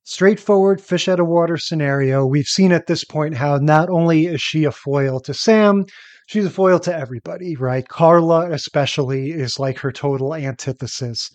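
A man's voice: a little high, darkish tone, no echo, highs cut off. A man co-hosting a podcast, chatting in a wry, conversational way about sitcoms. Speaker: podcast co-host. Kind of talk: casual chat about sitcoms.

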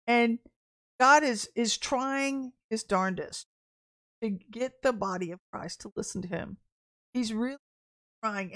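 Woman, middle-aged, prophetic podcast host; blunt, lively delivery with repeated phrases, pitched a bit high. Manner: blunt, animated, laughs at herself, repeats phrases for emphasis. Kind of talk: livestreamed prophetic teaching.

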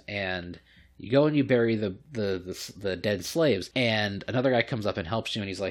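A man's voice: on the low side, normal speed. A man co-hosting a casual podcast, telling a long story with lots of swearing and mimicked voices. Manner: profane, animated retelling with mimicked voices. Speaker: podcast co-host.

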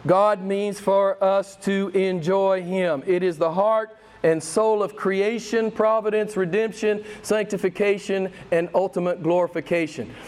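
A male pastor with a high-pitched voice preaches a sermon with fervor, circling back on phrases to drive them home. His delivery swings between loud, emphatic bursts and slow, quieter lines, yet his tone stays steady.

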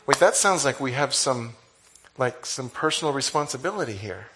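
A man preaching a conversational sermon, animated, with sudden exclamations. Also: medium pitch, normal speed, slight background noise. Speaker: pastor.

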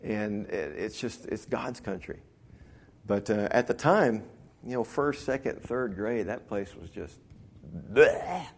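A man's voice: lowish voice, animated, slow, husky. A middle-aged man from the Texas Panhandle, a pastor preaching a sermon in a folksy storytelling way, now and then acting out other people's voices.

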